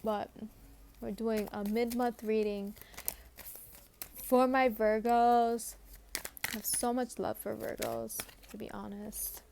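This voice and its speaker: A woman's voice: fairly high pitch, level tone, takes it slowly, vocal fry, pauses often, darkish tone, a little hiss or hum. Chatty woman giving a tarot reading. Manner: chatty, with many fillers and restarts. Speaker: tarot reader.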